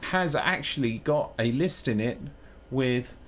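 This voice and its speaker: He has a medium-pitched, fairly bright voice that stays animated yet unhurried. As a streamer programming live, he chats informally, reasons out loud, teases himself, and alternates between English and Italian.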